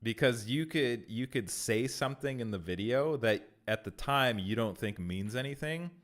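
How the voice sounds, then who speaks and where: A man's voice: mid-range voice, animated, moderate pace, a bit bright. A man streaming from home in a casual chat, reading out viewer messages and answering them with easy laughs. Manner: chatty, reads chat aloud and answers viewers; laughs easily between phrases. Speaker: streamer and content creator.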